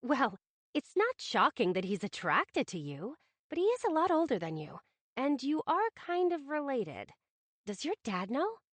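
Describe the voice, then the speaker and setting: A woman's voice: high voice, very animated, unhurried, no echo, voice pushed up, exaggerated voice. A woman reading the part of a nosy young female friend who teases and gossips over the phone. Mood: reassuring. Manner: nosy, playful, sarcastic.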